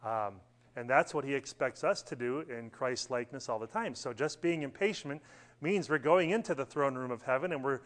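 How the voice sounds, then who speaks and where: A man's voice: mid-range voice, normal speed, fairly bright tone. A middle-aged man teaching a church Bible study in a conversational way, asking his class questions and using many fillers.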